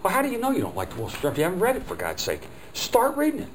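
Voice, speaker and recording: A man's voice: high voice, huge pitch swings, very fast, slight background noise. A middle-aged man from New Jersey with a New Jersey accent gives an informal business training talk. He rambles and acts out customer exchanges. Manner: chatty, digressive, acts out quoted customers. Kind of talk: informal seminar lecture.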